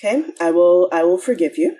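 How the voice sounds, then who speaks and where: A woman's voice: lowish voice, expressive, fairly quick, dark tone. A woman co-hosting a podcast, chatting casually in an earnest way and laughing often. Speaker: podcast co-host. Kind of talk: casual chat.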